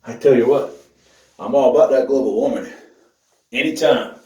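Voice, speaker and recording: A man's voice: mid-range voice, normal speed, darkish tone, distant mic. A man, talking casually to camera in a profane, joking vlog, whooping as he goes. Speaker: vlogger. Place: outdoor shower. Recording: echoey, from off the mic, with running water.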